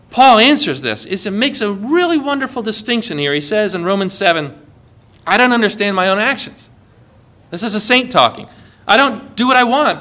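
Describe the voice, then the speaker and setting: High, bright-voiced male pastor preaching. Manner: earnest preaching, rising to fervent. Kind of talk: sermon.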